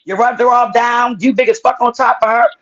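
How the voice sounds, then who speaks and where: A woman's voice: a little high, steady tone, brisk, highs cut off. A woman on a live stream angrily confronting and grilling a man, swearing heavily. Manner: angry, confrontational, profane.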